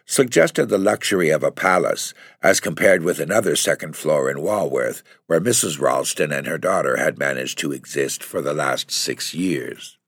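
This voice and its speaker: A man narrating a classic novel as an audiobook in a measured, even storytelling voice. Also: very deep voice, breathy edge, no echo, studio quality. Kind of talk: scripted narration.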